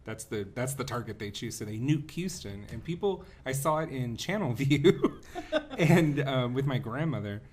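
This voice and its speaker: A man's voice: mid-range voice, animated, moderate pace, a little mellow, husky. A man co-hosting a casual movie podcast, telling wry stories and laughing easily. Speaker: podcast co-host. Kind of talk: casual chat.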